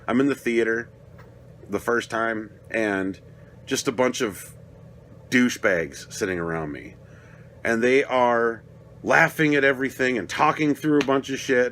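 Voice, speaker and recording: A man's voice: mid-range voice, big pitch swings, a little slow. A young adult man giving a casual, rambling spoken film review, swearing often and getting worked up as he talks. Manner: rambling, profane, gets worked up and loud. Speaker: movie reviewer.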